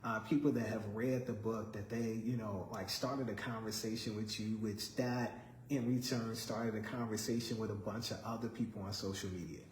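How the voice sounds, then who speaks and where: A man's voice: lowish voice, steady tone, normal speed, a little hiss or hum. A man who grew up on the west side of Chicago, hosting a radio interview in a friendly, upbeat, casual way and saying "man" often. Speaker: radio host. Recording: echoey studio room.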